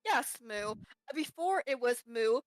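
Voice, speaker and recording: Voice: mid-range voice, animated, slow, no room sound, poor audio. Player mooing in character. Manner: ends nearly every phrase with "moo"; repeats "like" when thinking. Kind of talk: in-character tabletop role-play.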